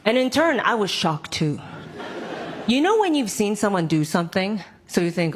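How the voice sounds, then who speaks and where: A young woman doing live stand-up comedy, animated and self-mocking, acting out the people she talks about. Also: mid-range voice, normal speed. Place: comedy club stage. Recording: live club, loud crowd laughter and noise. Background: loud audience laughter.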